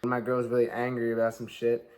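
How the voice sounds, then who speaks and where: A man chats in a laid-back, rambling way, leaning on lots of fillers. His voice sits at an ordinary middle pitch. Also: monotone, fast talker, darkish tone. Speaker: podcast co-host. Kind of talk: casual advice chat.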